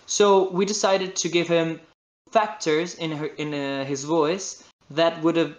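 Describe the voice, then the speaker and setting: A man's voice: on the high side, steady tone, measured pace. A man with an Italian accent, a voice actor guest in a podcast interview, speaking non-native English and searching for words with many restarts. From Italy. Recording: roomy echo.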